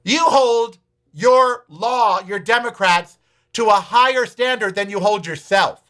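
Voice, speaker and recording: A man's voice: high-pitched, unhurried, bright, forceful tone. A man hosting a political talk show, ranting with profanity, sarcasm and repeated challenges to his audience. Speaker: podcast host.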